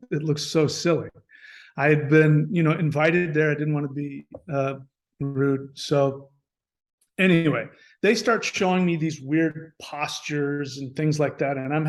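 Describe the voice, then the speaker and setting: A man who is a podcast guest, telling a personal story in a casual way. He is animated, restarts often and acts out bits of dialogue. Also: a little high.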